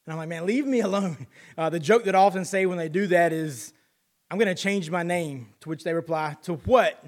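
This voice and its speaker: Pastor, thirties, light high voice, relaxed storyteller mixing scripture and anecdotes. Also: male voice, fairly quick. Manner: conversational storytelling with scripture reading. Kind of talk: sermon.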